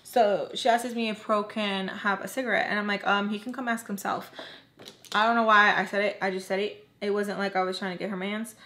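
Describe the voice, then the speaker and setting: A woman vlogger telling a personal story in a casual, chatty way, talking fast with lots of fillers and asides to her viewers. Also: mid-range voice, little pitch movement, bright, forceful tone.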